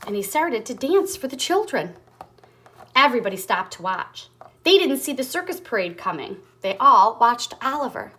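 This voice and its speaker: A woman reads a storybook aloud to children, and her tone is bright and clear. Her pitch sits a little high and moves a lot. She is animated and stops now and then to chat with her young listeners. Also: normal speed, a little hiss or hum. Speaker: teacher reading a picture book aloud.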